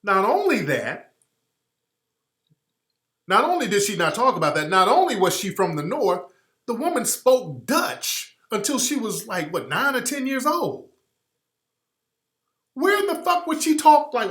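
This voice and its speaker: A man's voice: sits high, big pitch swings, unhurried, long pauses, fairly bright tone. A man hosting a radio show, giving a blunt, emphatic monologue and repeating his points for effect. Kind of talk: impassioned monologue. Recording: roomy echo.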